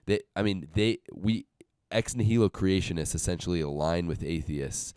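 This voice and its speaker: A very deep, smooth, resonant male voice works through an argument one step at a time, measured and deliberate. It is recorded dry and close, with no room sound. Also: a little mellow, no echo. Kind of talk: casual podcast discussion.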